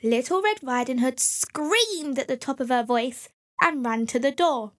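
A woman reading a children's fairy tale aloud as storyteller, gentle and clear. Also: high voice, animated, measured pace.

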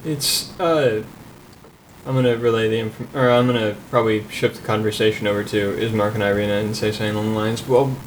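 A man playing a tabletop game, thinking out loud in halting, hesitant bits. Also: on the low side, fairly even intonation, slight background noise, poor audio. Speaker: player.

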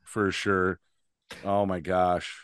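A man hosts a podcast in easy, casual chat. He rambles through a funny road story, laughing as he goes and starting sentences over. His voice is smooth and resonant, and the recording is dry and close. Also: deep voice, little pitch movement, drawn-out words, a bit bright, dry recording. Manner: rambling storyteller, laughs often, many restarts. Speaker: podcast host.

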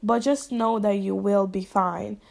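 A woman's voice: mid-range voice, steady tone, creaky, darkish tone. A young woman hosting her own podcast, talking earnestly and encouragingly straight to her listeners in a casual solo chat. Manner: says she talks fast and runs out of breath. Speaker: podcast host.

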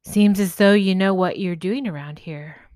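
A woman's voice: mid-range voice, moderate pace, darkish tone, no room sound, clean studio sound, natural voice. A woman voicing a friendly male farmhand with a put-on southern drawl, playful and kind in a storybook tale.

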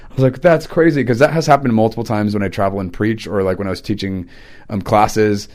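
A man's voice: on the low side, fast talker, a little mellow. A man hosting his own podcast, telling stories in a loose, rambling, chatty way. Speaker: podcast host; teacher and preacher. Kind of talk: casual podcast chat.

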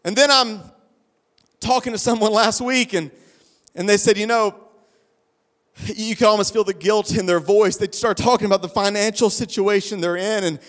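A man's voice: high voice, fairly even intonation, normal speed. A man preaching a sermon as pastor, impassioned and rhythmic, repeating phrases and restarting lines. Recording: long reverb of a large hall.

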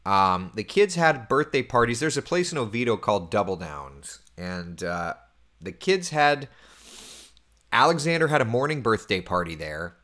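At a moderate pace and in a lowish voice, a thirty-something man hosts a laid-back morning chat, going through viewer comments and recounting his week. He's animated and talkative, laughs readily, and now and then lowers his voice almost to a whisper.

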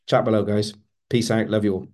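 A middle-aged man speaks as a coach in a motivational talk, earnest and emphatic, often repeating words to drive a point home. His voice sits a little low, with a warm, mellow tone. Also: steady tone, a little fast.

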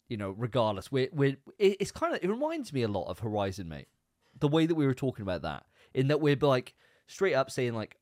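A man's voice: mid-range voice, dry recording, studio quality. A man co-hosting a podcast, chatting casually and rambling with repeated words. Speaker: podcast co-host. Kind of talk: casual chat.

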